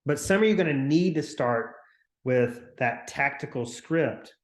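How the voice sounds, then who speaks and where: A man coaching real estate agents on a video call, talking in an energetic, chatty way and acting out upbeat phone calls. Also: medium pitch, unhurried, reverberant. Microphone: computer mic on a video call.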